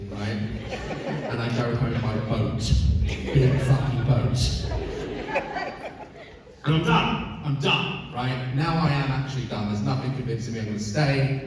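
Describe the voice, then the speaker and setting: A man telling a profane comic story live on stage in a large hall, keeps asking "right?", recorded from far back in the audience. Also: mid-range voice. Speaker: comedian performing live on tour. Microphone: filmed from the audience, far from the stage. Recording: echoey hall from far off, loud noise. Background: audience laughter and noise.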